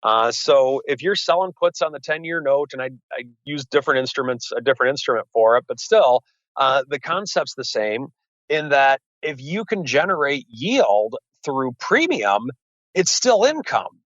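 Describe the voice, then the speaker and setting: Man, podcast guest, measured explanation, hesitant fillers, muffled lo-fi sound, dead-dry. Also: medium pitch, expressive, a bit bright, no room sound. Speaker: wealth manager guest. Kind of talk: explaining trading strategy on a podcast.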